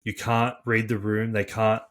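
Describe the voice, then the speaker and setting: A man with a fairly low voice co-hosts a relaxed podcast, telling stories with animated, chatty energy. He scatters filler words and swearing through his talk. He sounds close to a studio mic. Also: unhurried. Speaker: podcast co-host and coach. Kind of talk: casual podcast chat.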